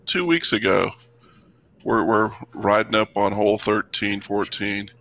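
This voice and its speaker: A man's voice: fairly low pitch, flat delivery, a little slow, pushed and bright. A man co-hosting a casual podcast, griping in mock annoyance and swearing as he banters. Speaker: podcast co-host. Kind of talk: casual chat.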